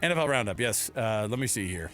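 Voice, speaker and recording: A man's voice: on the low side, animated, fast, a bit bright, soft background music. A man hosting a casual sports talk radio show in a studio, joking and playful. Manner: joking, playful, does voices.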